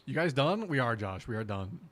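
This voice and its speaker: A young man chatting casually on a live stream, laid-back and excitable, laughing easily. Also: mid-range voice, a little fast.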